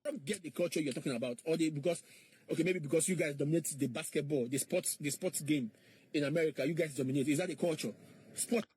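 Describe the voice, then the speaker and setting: A man's voice: a little high, fast, darkish tone, breathy edge, no echo. A man in a played clip, mockingly repeating questions in an argumentative monologue.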